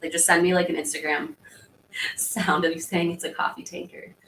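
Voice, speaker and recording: A woman in her thirties chats loosely with her viewers and wanders from one tangent to the next. Her voice sits on the lower side. It is recorded in an echoey room with a faint hum in the background. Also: steady tone, normal speed, a bit bright. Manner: chatty, rambling, reads out and answers viewer comments. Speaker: livestream host. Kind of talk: casual livestream chat.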